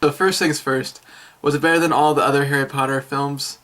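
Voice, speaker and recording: An eighteen-year-old man reviews a film for his vlog at a middling pitch. He gushes and rambles, trailing off into fillers and restarting his sentences. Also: a little fast. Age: young adult. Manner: excitable, rambling, many fillers.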